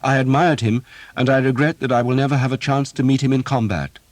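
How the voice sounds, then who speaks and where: A man's voice: medium pitch, a little fast, no room sound, pitched above the performer's own voice, natural voice. A man reading an audiobook, voicing a confident young prince who questions people sharply and speaks with courtly manners. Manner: demanding, then gallant.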